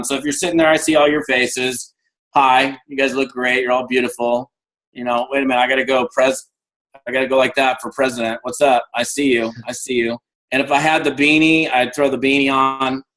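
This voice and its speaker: A man in his fifties giving an energetic motivational talk on a video call, acting out the voices in his stories. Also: mid-range voice, brisk, rough recording. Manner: energetic storyteller, acts out dialogue. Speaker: guest speaker.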